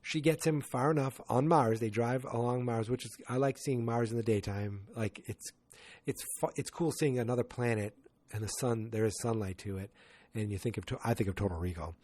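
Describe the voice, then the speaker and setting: A man's voice: medium pitch, brisk, a little mellow. A man hosting a podcast, casually retelling a movie plot in a rambling way and acting out quotes from the characters. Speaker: podcast host.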